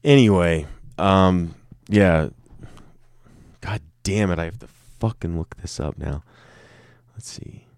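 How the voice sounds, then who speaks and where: Slow, deep-voiced joking young man. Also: darkish tone, dry recording, studio quality. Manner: joking, profane, self-mocking. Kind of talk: rambling casual monologue.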